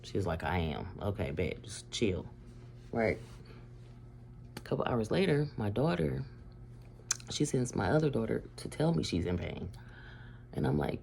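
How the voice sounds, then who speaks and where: A middle-aged woman from Ohio telling a family story to camera in a casual, animated way, swearing freely and often breaking into laughter. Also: rumbling low, unhurried, creaky, a little hiss or hum. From Ohio, USA.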